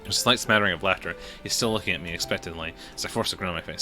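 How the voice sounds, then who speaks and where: A man's voice: sits low, racing, hardly any pauses, pushed and bright. A male streamer reading a visual novel aloud in plain narration, adding his own reactions now and then. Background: music.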